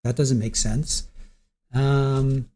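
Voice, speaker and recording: A man's voice: medium pitch, fairly even intonation, extremely slow, warm tone, a little hiss or hum. A man hosting a livestream, reading viewer comments and musing through them in a casual, hesitant way, often repeating his words. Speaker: livestream host.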